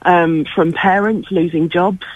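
A woman's voice: on the low side, steady tone, unhurried, breathy edge, dry recording. Earnest woman on a dull phone-in line. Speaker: caller. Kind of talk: phone-in call.

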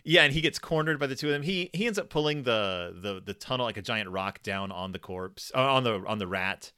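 A man's voice: lowish voice, animated, brisk, sharp tone, clear, resonant tone, no echo, clean studio sound. A man co-hosting a casual podcast chat, rambling with laughs and restarts. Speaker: podcast co-host. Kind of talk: casual chat reviewing a horror episode.

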